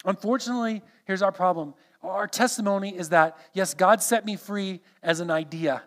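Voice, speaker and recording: Male preacher, high voice, earnest verse-by-verse sermon. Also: normal speed. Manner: earnest, explains scripture verse by verse. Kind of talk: expository sermon.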